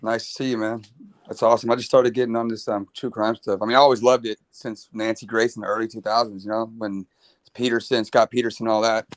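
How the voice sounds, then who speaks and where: Flat-voiced friendly man, dry sound. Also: on the low side, fast talker, no echo. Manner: friendly, rambling with many fillers. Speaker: guest on a livestream panel. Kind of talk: casual chat.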